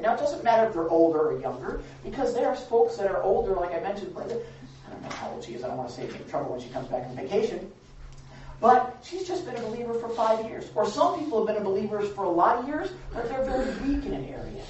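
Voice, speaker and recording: Woman preaching in a booming echoey hall. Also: big pitch swings, fast talker, darkish tone, slight background noise. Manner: chatty, candid, frequent restarts. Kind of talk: conversational sermon. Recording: echoey dull recording from a distance.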